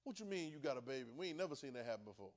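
Dialect-speaking preacher swinging from soft to loud. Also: male voice, medium pitch, very animated, racing. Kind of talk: sermon.

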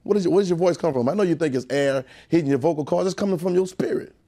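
Male preacher, sermon delivery, folksy asides to the congregation, climbs in pitch and volume on key points. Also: rapid-fire, dark tone. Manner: call-and-response preaching, building in pitch and volume.

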